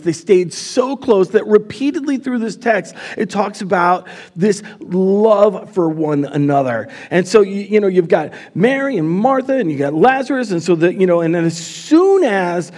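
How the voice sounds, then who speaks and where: A man's voice: high voice, animated, measured pace, a little mellow. A man preaching a live sermon as pastor in a church, casual and chatty, with many fillers.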